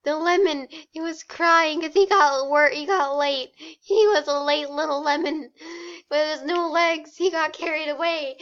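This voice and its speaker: High slow-talking young woman, giggly. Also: steady tone, fairly bright tone, highs cut off. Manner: giggly, drawn-out narration. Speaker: storyteller in a group drawing game. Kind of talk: casual improvised storytelling.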